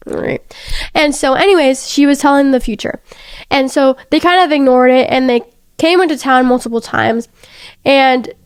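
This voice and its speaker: Young woman, high-pitched, faith talk, storytelling, fillers, dry room. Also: no echo. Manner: earnest, storytelling, many fillers and restarts. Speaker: faith podcast host. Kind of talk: casual devotional talk.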